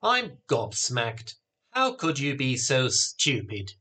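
A man's voice: medium pitch, wildly swooping pitch, slow, pushed and bright, full character voice. A man doing a stern dad. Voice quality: stern, lecturing. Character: stern angry British father.

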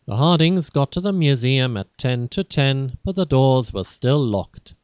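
A man narrating a simple graded-reader story in a slow, careful, even way. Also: medium pitch, clean tone, dry recording.

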